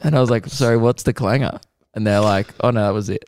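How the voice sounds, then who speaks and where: A man co-hosting a podcast, reading listener messages aloud in a relaxed way with sighs and laughs. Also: lowish voice, fast talker, smooth, no echo, clean studio sound. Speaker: podcast co-host.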